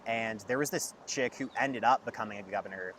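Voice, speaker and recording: A man's voice: on the low side, fairly quick, fairly bright tone, a little hiss or hum. A young man telling a long story in casual chat, rambling and filling his sentences with "like". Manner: rambling storyteller, heavy use of "like". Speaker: podcast guest.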